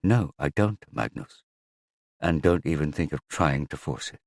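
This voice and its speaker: A man's voice: extremely low pitch, lively intonation, unhurried, creaky, no room sound, clean studio sound, full character voice. A man voicing a guarded, unyielding mother who speaks in firm, clipped phrases, in an audiobook. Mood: resolute.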